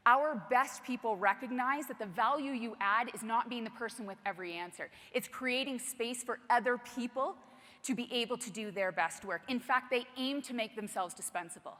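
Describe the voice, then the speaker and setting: A woman with a fairly high, bright voice delivers a motivational keynote to a live audience. She talks in an animated way and keeps asking the room questions. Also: normal speed, in a large hall. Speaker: keynote speaker.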